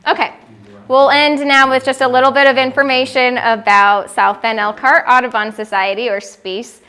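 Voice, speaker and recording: A woman's voice: high-pitched, level tone, normal speed, sharp tone, smooth. A woman giving a friendly, chatty talk on birds to a small audience, now and then imitating bird calls. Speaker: birding educator giving a gallery talk. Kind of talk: informal presentation to a small audience. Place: gallery room.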